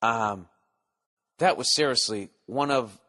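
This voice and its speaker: A man's voice: mid-range voice, takes it slowly, sharp tone. A man in his forties hosting a podcast, ranting casually with lots of profanity and rambling restarts. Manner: profane, rambling, mock-exasperated. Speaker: podcast host. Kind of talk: casual comedic rant.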